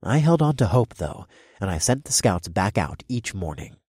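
A man narrating a first-person fantasy audiobook in a steady, measured way on a close studio mic. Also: on the low side, slightly rough, no room sound.

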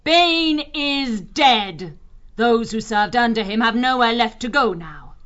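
A man's voice: very high voice, expressive, slow pace, bright, forceful tone, pitched above the performer's own voice, exaggerated voice. A man voicing a commanding, imperious female wildcat queen who barks clipped orders. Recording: dull lo-fi audio.

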